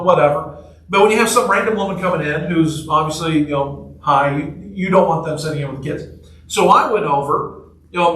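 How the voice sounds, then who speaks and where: Telling stories and asking the congregation questions, a pastor gives a chatty, humorous sermon in a church sanctuary. His voice is a little high and a bit bright. There's a slight hiss or hum, and his voice comes from far off in an echoey room.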